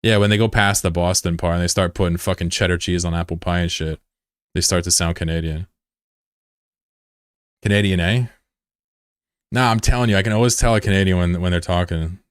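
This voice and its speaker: A man with a Mid-Atlantic American accent talks in a low, flat, laid-back way, chatting casually with viewers of his stream. The sound is dry and close, with no room echo. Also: fast talker, clean tone. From United States. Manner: self-described monotone, plain and laid-back. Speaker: game streamer. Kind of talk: casual live-stream chat, reading viewer messages.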